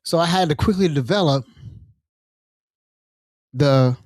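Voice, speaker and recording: A man hosting a podcast, telling a story in casual chat and acting out the people in it with lively, colloquial phrasing. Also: fairly high pitch, takes it slowly, no room sound. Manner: animated storyteller acting out quoted voices. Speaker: podcast host.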